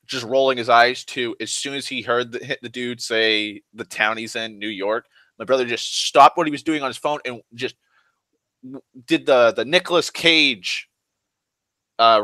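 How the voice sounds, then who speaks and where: Bright-voiced rambling young man. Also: mid-range voice, steady tone, measured pace, no echo. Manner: rambling, restless, full of restarts and "like", swears freely, swings loud and soft. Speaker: vlogger. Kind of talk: rambling casual monologue.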